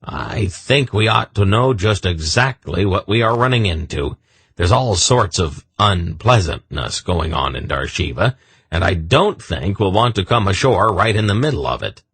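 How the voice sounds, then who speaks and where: A man's voice: low-pitched, very animated, moderate pace, a bit bright, breathy edge, no echo, full character voice. Give me a man playing a boastful little hunchback with a teasing brogue. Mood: cocky. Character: gnarled little hunchback sorcerer, cocky.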